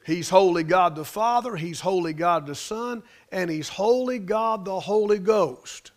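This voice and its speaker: A man's voice: sits high, unhurried. A man preaching a sermon as pastor, building emphasis through repetition and sometimes dropping into folksy grammar.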